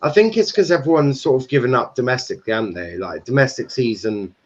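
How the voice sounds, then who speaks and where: A man's voice: mid-range voice, animated, fast, highs cut off, slight background noise. A man hosting a live football stream, chatting casually with loose banter, swearing and restarts. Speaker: stream host.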